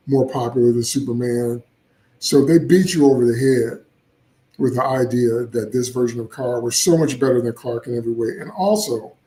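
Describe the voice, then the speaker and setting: A man's voice: medium pitch, dark tone, roomy sound, poor audio. A man hosting casual solo commentary, opinionated and chatty with frequent asides. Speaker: comics channel host.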